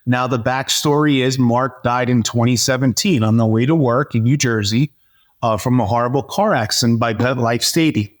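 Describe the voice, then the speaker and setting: Guy telling his story on an interview, animated, stops and restarts a lot, mid-pitch voice. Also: normal speed. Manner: animated storyteller, acts out dialogue; hesitant fillers and restarts. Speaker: interview guest. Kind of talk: personal testimony in conversation.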